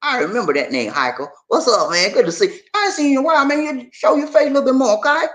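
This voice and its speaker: A man's voice: extremely high pitch, rapid-fire. A man hosting a casual livestream, greeting viewers and reading their comments aloud in an emphatic, chatty way. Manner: animated, emphatic, chatty, repeats phrases. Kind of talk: casual live chat.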